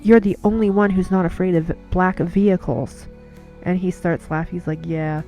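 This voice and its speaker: A woman's voice: fairly low pitch, steady tone, normal speed, mellow, soft background music. A woman giving an earnest devotional talk in a casual monologue, telling stories and repeating words as she goes.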